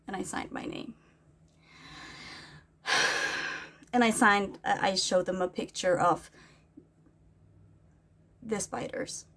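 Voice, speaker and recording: A woman's voice: mid-range voice, steady tone, slow, long pauses, a bit bright. Agitated woman ranting. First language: Norwegian. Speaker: vlogger. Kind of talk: casual venting vlog.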